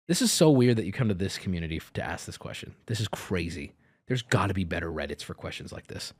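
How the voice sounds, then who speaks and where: A man streaming, riffing in casual commentary with crude jokes, lurching between loud rants and low mutters. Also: expressive, fast talker, breathy edge, no echo, clean studio sound.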